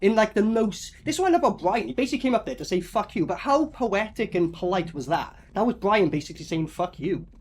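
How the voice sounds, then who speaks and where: An excitable man chats through a film as he reviews it. His pitch jumps around a lot and his swearing comes easily. He sounds loose and casual. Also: fast, few pauses. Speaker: movie reviewer. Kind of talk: casual movie reaction commentary.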